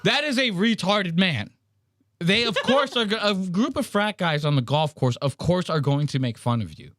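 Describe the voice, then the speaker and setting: Dude on a podcast riffing crude stories, doing mocking voices, dry close sound. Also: male voice, sits high, normal speed, dry recording. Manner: crude, animated storytelling with mocking impressions. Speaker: podcast host. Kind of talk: casual podcast banter.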